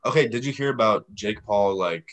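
A man's voice: fairly low pitch, normal speed, a little hiss or hum. A teenage boy hosting a podcast, chatting loosely with friends, swearing often and laughing easily. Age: teens. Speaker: podcast host. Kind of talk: casual chat with friends.

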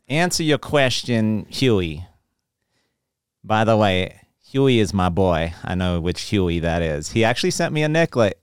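A man's voice: low-pitched, smooth, dry recording, clean studio sound. A man putting on a Southern drawl. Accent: put-on American Southern. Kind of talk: podcast bit.

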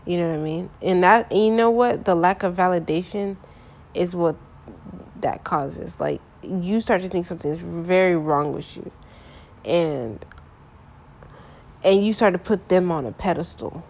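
A woman's voice: lowish voice, a little slow, darkish tone. A young woman talking candidly about her relationships in a casual, frank monologue full of filler phrases.

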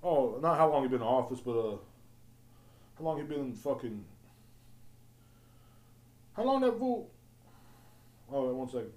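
A man's voice: mid-range voice, a little fast, a little mellow. A man ranting profanely and rambling as a podcast host. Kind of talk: casual solo rant. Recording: roomy echo.

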